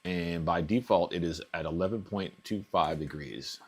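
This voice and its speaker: A man's voice: deep voice, moderate pace, husky. A man hosting a casual live unboxing stream at home, thinking aloud and trailing off as he reads through settings. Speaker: RC hobby channel host.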